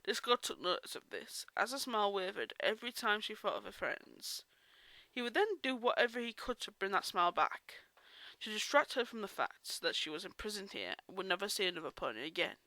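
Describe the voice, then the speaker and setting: A woman's voice: mid-range voice, sing-song, brisk, sharp tone, no echo. A woman reading a story aloud in a casual way, breaking off for chatty asides and correcting herself. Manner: chatty asides, self-interrupting. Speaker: reader of fan fiction.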